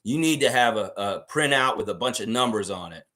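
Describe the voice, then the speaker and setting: A man hosts a live sports commentary stream and rants hotly, full of swearing and rhetorical questions. His pitch swings widely from low grumbles to high outbursts. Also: expressive, fairly quick, a bit bright. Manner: profane, heated ranting with rhetorical questions. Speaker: sports channel host. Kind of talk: livestream sports commentary rant.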